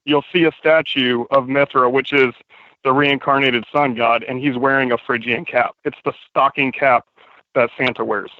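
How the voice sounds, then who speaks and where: A man's voice: mid-range voice, steady tone, normal speed, no room sound. A man calling in to a show, talking earnestly in a rambling way with many fillers, a little out of breath while walking outdoors in the cold. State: slightly out of breath. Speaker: caller. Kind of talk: casual call-in chat. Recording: tinny dry phone line.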